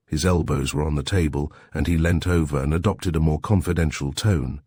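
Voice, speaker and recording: A man reading a story aloud in measured, even narration. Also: rumbling low, no room sound, clean studio sound. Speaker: audiobook reader. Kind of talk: scripted narration.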